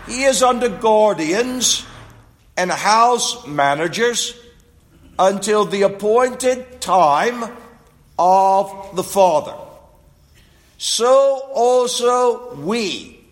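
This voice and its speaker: A man preaching a sermon and reading scripture, with a measured, emphatic delivery. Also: sits high, animated. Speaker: pastor. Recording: long reverb of a large hall.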